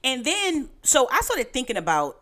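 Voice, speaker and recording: A woman from Brooklyn chats with her husband on their podcast, animated and playful. Her voice is bright and forceful, with pitch that leaps all over. She teases, laughs often and talks in a loose Brooklyn way. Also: moderate pace. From Brooklyn, New York. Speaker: podcast co-host. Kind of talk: casual chat.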